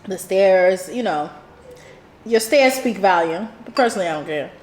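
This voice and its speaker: A woman's voice: mid-range voice, moderate pace, slight background noise. Emphatic, echoey woman vlogger. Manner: emphatic, animated, laughs often. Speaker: vlog co-host. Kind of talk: casual chat while eating.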